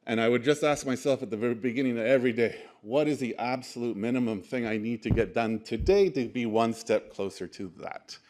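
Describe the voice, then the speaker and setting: A man's voice: mid-range voice, steady tone, brisk, few pauses, a little mellow. Man giving a conversational leadership talk. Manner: conversational, many fillers and tag questions. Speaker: conference speaker. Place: conference room.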